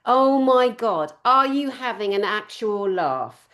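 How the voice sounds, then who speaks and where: A woman's voice: a little high, expressive, slow pace. Ranting woman with a southern English accent. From Scotland. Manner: forceful, sarcastic, ranting. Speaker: channel host. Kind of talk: casual video chat.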